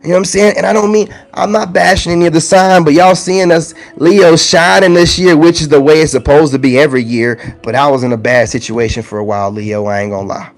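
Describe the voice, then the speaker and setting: Man, fairly high voice, animated, teasing, preachy, casual talk to camera. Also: a little fast, hardly any pauses. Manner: animated, preachy, teasing, big pitch swings. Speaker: spiritual content creator.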